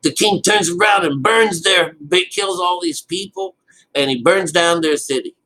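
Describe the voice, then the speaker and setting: A man's voice: high voice, sing-song, unhurried, pushed and bright, rough recording. A man giving a casual, rambling Bible commentary, full of restarts and loose swearing. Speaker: Bible teacher.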